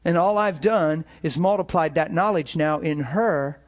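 A man preaching a conversational sermon as a pastor, animated, acting out imagined thoughts in a hushed voice and laughing between points. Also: fairly high pitch, a little slow.

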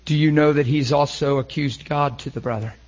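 A man preaching a sermon, emotional, swinging between loud and hushed. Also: fairly high pitch, steady tone, fairly quick, lo-fi sound.

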